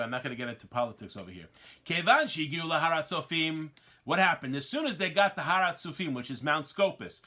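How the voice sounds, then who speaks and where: A man teaches a Talmud passage, reading the original lines and translating them one by one. His voice sits high and swings widely as he acts out the dialogue. The tone is bright and forceful. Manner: animated, acts out the quoted dialogue; reads Hebrew and Aramaic text then translates it. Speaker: Torah teacher. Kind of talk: Talmud lesson.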